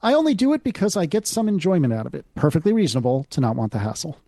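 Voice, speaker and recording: A man's voice: a little high, sing-song, rapid-fire, mellow, no echo, clean studio sound. A man co-hosting a tech podcast who reads listener emails aloud, sometimes stumbles and restarts, and laughs at himself. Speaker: podcast co-host reading listener mail. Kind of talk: casual tech chat.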